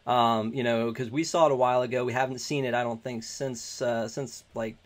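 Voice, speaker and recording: A man's voice: medium pitch, fairly even intonation, brisk. A married man in casual conversation about a movie, talking loosely with lots of fillers. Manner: loose, filler-heavy chat. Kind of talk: casual movie review chat.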